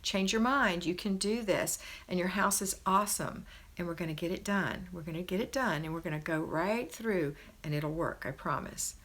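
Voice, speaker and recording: Her voice is lowish and her pace normal as this middle-aged woman runs a homemaking livestream indoors at her parents' home. She reads comments from viewers and cheers them on with warmth and encouragement.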